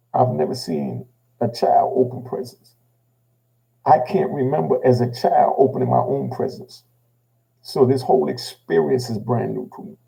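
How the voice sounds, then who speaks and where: Gravelly older man telling his story. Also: poor audio. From Jamaica. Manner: gravelly, repeating "you know what I mean" after each thought; drops low and quiet when he quotes himself. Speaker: channel host telling his own story. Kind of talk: casual emotional storytelling.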